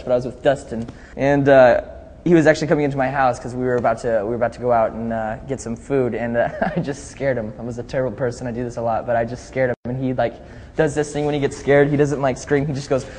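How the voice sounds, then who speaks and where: A man's voice: medium pitch, flat delivery, fast, darkish tone. Laid-back young man in a reverberant space. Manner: easygoing, chatty, laughs often, reads out fan questions. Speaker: pop singer answering fan questions. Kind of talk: casual live video chat. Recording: faint noise, long reverb.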